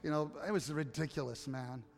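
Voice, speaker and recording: Animated storytelling pastor in a big hall. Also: male voice, a little high, brisk, gravelly. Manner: animated, acts out dialogue, builds to impassioned appeals. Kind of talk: sermon with personal storytelling. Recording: long hall reverb with faint music.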